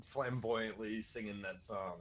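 A man in casual gaming chat who coaches a friend through the game with quick, practical directions. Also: fairly low pitch, steady tone. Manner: instructive, gives quick directions.

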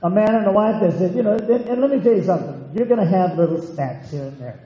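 A man's voice: sits high, animated, fast talker, dark tone. A man preaching a sermon as pastor in a church, folksy and conversational, telling homey stories. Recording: dull echoey hall recording.

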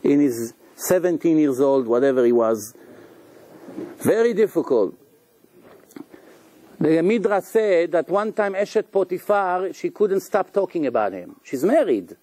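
A man telling a religious story in a sermon, animated, chuckling often and acting out the quotes. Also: fairly high pitch, dry recording.

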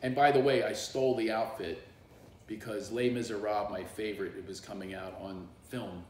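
A man's voice: on the low side, steady tone, normal speed. Middle-aged philly guy rambling through stories on a live stream, laughs a lot, kinda echoey office, faint hum behind. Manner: chatty and rambling, laughs often. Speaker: comedian and coach hosting a livestream. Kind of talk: casual storytelling on a livestream. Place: small office.

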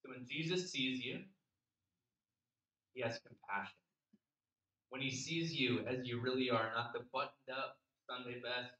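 A man's voice: mid-range voice, a little slow, pauses often, sharp tone. A man preaching a sermon as pastor, talking in a conversational, earnest way and often repeating words as he thinks. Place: church sanctuary. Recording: roomy church reverb.

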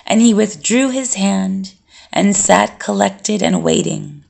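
A woman narrating an audiobook in a slow, unhurried reading. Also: mid-range voice, lively intonation, vocal fry, darkish tone.

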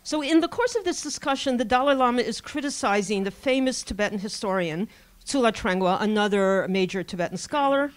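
A woman giving an academic conference lecture, speaking in a measured scholarly way with frequent pauses and self-corrections. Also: fairly high pitch, animated.

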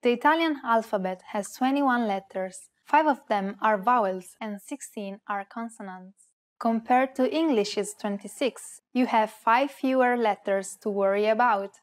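Woman co-host reading lesson examples. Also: on the high side. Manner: careful, deliberate reading of example words. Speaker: co-host giving example words. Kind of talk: scripted lesson narration.

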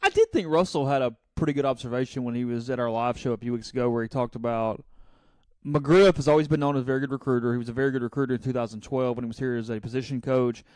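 A man co-hosting a sports talk show who talks fast and conversationally and often restarts his sentences. His voice sounds dry and close, with no room behind it. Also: mid-range voice, darkish tone, no echo. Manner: quick, conversational, trails into restarts.

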